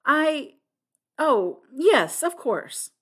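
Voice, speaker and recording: A woman voicing an impulsive, emotional young woman who speaks in high, eager outbursts in a storybook reading. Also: sing-song, drawn-out words, exaggerated voice. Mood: excited.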